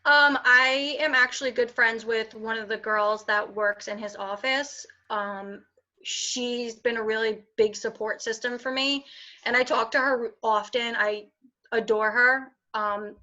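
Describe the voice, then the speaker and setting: A woman's voice: fairly high pitch, fairly even intonation, a little slow, sharp tone. A woman in her twenties, a podcast guest, talking candidly with lots of fillers and restarts. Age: 20s. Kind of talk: casual interview conversation. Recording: dull lo-fi sound.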